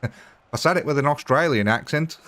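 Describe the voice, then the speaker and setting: A man's voice: fairly high pitch, moderate pace, fairly bright tone. A man live-streaming a game, chatting casually, answering viewers' comments and laughing often. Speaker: gaming livestreamer.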